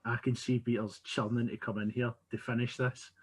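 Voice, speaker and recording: Husky guy on a movie podcast, wanders off and second-guesses himself. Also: mid-range voice, little pitch movement, a little fast. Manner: meandering, questions himself as he goes. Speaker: podcast co-host. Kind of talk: casual film chat.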